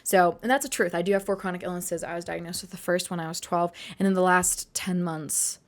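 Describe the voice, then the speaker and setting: A woman in her twenties tells a story to her vlog audience in a slightly low voice. She rambles along in a chatty way, full of asides and quick corrections. It sounds like an easygoing, personal storytime. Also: steady tone. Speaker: vlogger.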